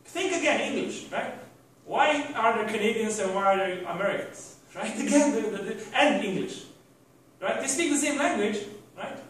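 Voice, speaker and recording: A man's voice: sits high, animated, moderate pace, fairly bright tone, slight background noise. A man giving a university lecture, rambling with restarts and rhetorical questions to the class. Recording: echoey room from a distant mic.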